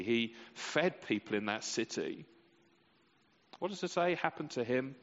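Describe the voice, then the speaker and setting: Male preacher, impassioned sermon, very expressive pitch, muffled hall recording with long echo. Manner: impassioned, with sweeping rises and drops in pitch and volume. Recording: muffled sound with a long reverb in a large hall.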